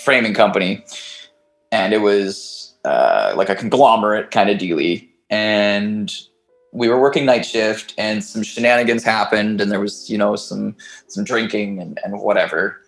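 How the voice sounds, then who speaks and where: A man's voice: lowish voice, moderate pace, creaky, fairly bright tone, soft background music, rough recording. A man, a podcast guest, telling a long personal story in casual chat, rambling with restarts, fillers and the odd swear word.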